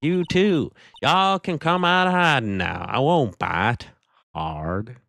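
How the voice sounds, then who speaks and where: A man's voice: mid-range voice, takes it slowly, gravelly, a bit bright, slight background noise. A man voicing a brash young woman photographer with a Southern accent, talking in a sassy, bossy drawl while reading game dialogue. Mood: teasing. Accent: American Southern.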